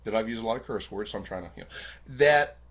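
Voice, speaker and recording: Rambling, profane man on a lo-fi webcam. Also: fast talker. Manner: rambling and profane, jumping from excited high bursts to low quiet musing. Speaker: vlogger. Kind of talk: rambling personal webcam monologue. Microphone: webcam microphone. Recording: dull lo-fi webcam audio.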